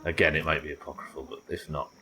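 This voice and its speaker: A man's voice: a bass voice, steady tone, quick pace, sharp tone, slight background noise. A young man with a Yorkshire accent chatting and swearing casually as he plays a game on a live stream and talks to his chat. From Yorkshire, England. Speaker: livestreamer. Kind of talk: casual gameplay commentary.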